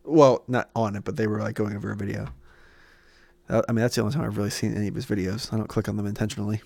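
A man chatting casually on a podcast, rambling and quick, with frequent restarts. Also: fairly low pitch, flat delivery, creaky, a little mellow, no room sound. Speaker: podcast co-host. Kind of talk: casual chat.

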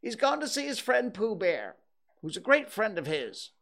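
A man's voice: high-pitched, very animated, moderate pace, gravelly, a bit bright, voice pushed up, exaggerated voice. A man voicing a cautious, polite male rabbit, speaking in a prim and fussy way. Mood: evasive.

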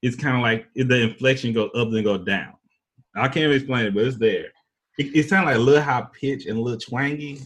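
A man with an East Texas accent hosting a casual chat, talking slowly in a laid-back drawl. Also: medium pitch, a bit bright, slightly rough. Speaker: podcast host.

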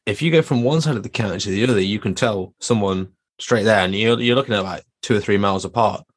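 A man's voice: on the low side, fast. A man with an East Midlands English accent, co-hosting a podcast in a teasing, casual chat. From Nottingham, England. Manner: lively, teasing. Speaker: podcast co-host.

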